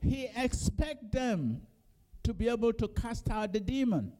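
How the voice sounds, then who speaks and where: A man preaching a sermon, reading scripture in a low voice and then rising into loud, emphatic exhortation. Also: sing-song, measured pace.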